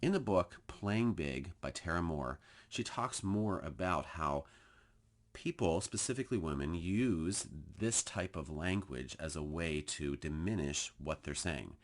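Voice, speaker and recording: A man with a low voice teaches workplace communication. His pitch rises and falls a lot as he acts out example phrases. He speaks like a trainer leading a recorded session. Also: unhurried. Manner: lively, emphatic delivery that acts out example phrases.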